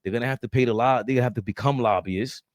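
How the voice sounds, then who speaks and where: A man's voice: medium pitch, quick pace, no echo, clean studio sound. A man hosting a podcast, giving loose, digressive, joking commentary. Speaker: podcast host. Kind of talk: casual commentary.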